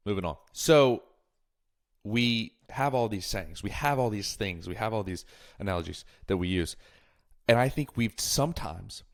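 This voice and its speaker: A man hosting a casual podcast, talking in an animated, jokey way and drifting into tangents. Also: deep voice.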